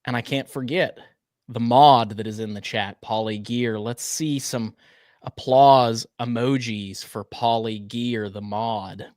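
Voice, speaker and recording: A man hosting a casual live stream, speaking at an ordinary middle pitch. His voice is dry and close, with no room sound. He is chatty and keeps greeting viewers by name, now and then stumbling over a word. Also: steady tone, slow pace, darkish tone, no room sound. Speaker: livestream co-host.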